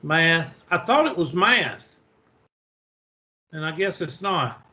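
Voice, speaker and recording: A man's voice: a little high, big pitch swings, slow pace, pushed and bright, muffled recording. A man teaching a math class online, flustered and talking to himself as he searches for something.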